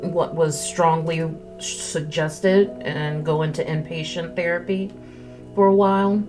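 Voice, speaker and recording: A woman's voice: low voice, steady tone, a little slow. A woman streamer in casual chat, eating as she talks, chewing between words and speaking candidly into a close mic. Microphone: close desk mic. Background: faint music.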